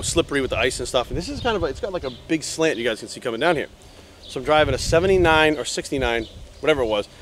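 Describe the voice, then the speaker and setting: A man in his forties telling a wild story by a road, animated and swearing freely. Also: medium pitch, slight background noise. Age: 40s. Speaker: vlogger. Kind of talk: casual storytelling vlog. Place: outdoors by a road.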